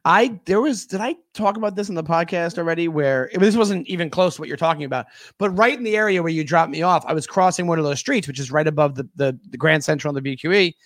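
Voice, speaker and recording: Animated high-voiced New man. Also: fast talker, few pauses, no room sound, studio quality. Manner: animated storyteller, swears freely, acts out quotes. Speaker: podcast host. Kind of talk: casual podcast chat.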